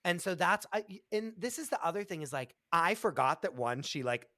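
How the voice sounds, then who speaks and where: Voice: medium pitch, animated, brisk, sharp tone, dry recording, studio quality. Rambling, earnest podcast co-host. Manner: rambling, filler-heavy, earnest. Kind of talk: casual chat.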